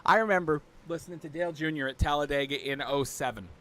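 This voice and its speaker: A male race commentator with a high, bright, cutting voice. He chats casually over the action, and his storytelling builds quickly into excitement. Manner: excitable storyteller, voice jumps up when thrilled.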